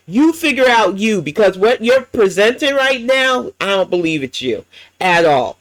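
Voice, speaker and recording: A man's voice: high voice, expressive, normal speed, dry recording, rough recording. A man hosting a livestream commentary show, ranting bluntly with heavy profanity.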